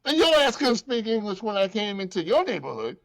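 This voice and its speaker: A man with a high, gravelly voice talks a little fast, recorded with no room sound. He hosts a casual podcast, telling stories full of feeling, acting out the people in them and swearing freely.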